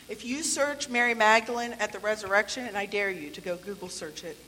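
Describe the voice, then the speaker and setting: Woman, sermon, conversational, playful asides, fairly high voice, long church reverb. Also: fairly bright tone, a little hiss or hum. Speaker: preacher. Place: church sanctuary.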